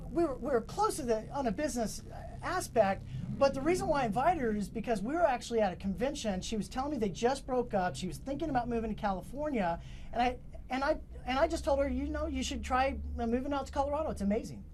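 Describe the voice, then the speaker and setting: A man's voice: very high-pitched, expressive, quick pace, a little mellow, a little hiss or hum. A man being interviewed as a guest, retelling events in a rambling way, full of restarts and fillers.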